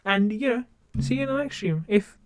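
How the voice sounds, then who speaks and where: A young woman streamer in casual live-stream chat, talking quickly and rambling, with lots of fillers and restarts. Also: mid-range voice, expressive, dry recording. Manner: rambling, fast and talkative with many fillers. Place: home streaming setup.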